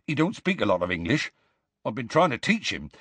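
A man playing a desperate soft-hearted giant. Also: mid-range voice, sing-song, a little fast, breathy edge, dry recording. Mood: anxious, explaining. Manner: earnest, desperate, rustic grammar. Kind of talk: audiobook character voice.

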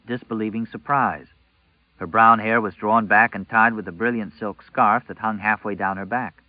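A man narrating a novel as an audiobook, in a measured, even storytelling manner. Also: on the low side, no echo, phone-quality sound.

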